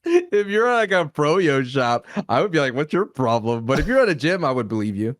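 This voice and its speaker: A man's voice: a little high, very animated, no room sound. Joking podcast guy, dry close sound. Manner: joking, quick interjections. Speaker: podcast co-host. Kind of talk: casual chat.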